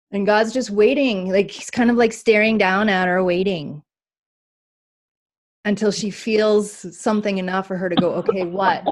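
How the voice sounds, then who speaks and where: A woman healer giving a spiritual reading on a talk show, speaking in an animated way, acting out inner voices and laughing often. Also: medium pitch, a little hiss or hum.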